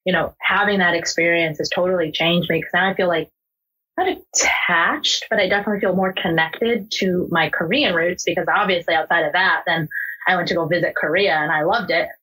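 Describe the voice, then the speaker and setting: A young woman from the United States speaks as a podcast guest, sharing her own story in an open, emotional, unpolished way. Her voice sits low for a woman and has a husky, breathy grain. She swears casually and leans on "like" between thoughts. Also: fairly even intonation, fairly quick, bright, forceful tone, low-quality recording. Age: young adult. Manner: candid, emotional, swears freely, many fillers like "like". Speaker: interview guest.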